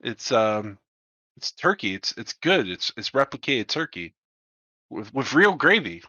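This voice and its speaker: A man's voice: medium pitch, sing-song, measured pace, pushed and bright, no room sound, full character voice. A man voicing a timid, eager-to-please male prison guard who stammers and fawns, on a dull muffled mic. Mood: nervous. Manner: stammering, fawning.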